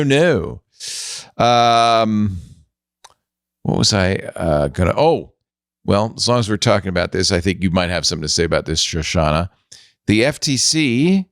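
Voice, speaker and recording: A man's voice: fairly low pitch, no echo, clean studio sound. Wry male tech show host. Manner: chatty, wry, loose with fillers. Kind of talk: casual panel chat.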